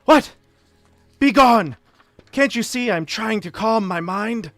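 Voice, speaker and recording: A man's voice: a little high, slow, dry recording. A man voicing a mad young male count who raves about worms and a beating heart. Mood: raving. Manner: raving, shouting, manic.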